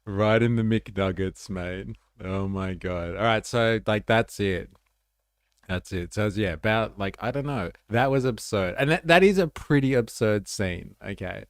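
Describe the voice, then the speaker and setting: A man's voice: fairly low pitch, normal speed, dry recording, studio quality. A man with an Australian accent hosting a casual livestream, chatting loosely with viewers in slang. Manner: chatty, slangy, reacts to chat. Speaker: livestream host.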